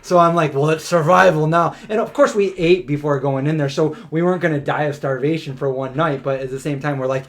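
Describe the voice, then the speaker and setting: Brief: male co-host, slightly higher voice, animated casual storyteller, loose and chatty. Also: a little fast, hardly any pauses. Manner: animated, chatty, many "like" fillers. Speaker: co-host of a live Q&A stream.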